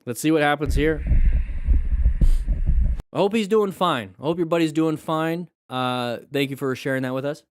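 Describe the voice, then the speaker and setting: A man's voice: a little high, normal speed, pauses often, slight background noise. A man hosting a casual live stream, chatty and joking as he explains first aid. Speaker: live-stream host reviewing crash videos.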